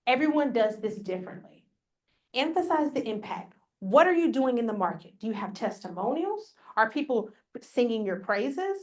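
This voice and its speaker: A woman's voice: on the high side, big pitch swings, normal speed, hardly any pauses, darkish tone. A woman leading a live business workshop, coaching the room in an upbeat, direct way. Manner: upbeat, coaching, speaks straight to the audience. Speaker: workshop presenter. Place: conference room with a live audience. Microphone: on a mic, recorded for a hybrid audience.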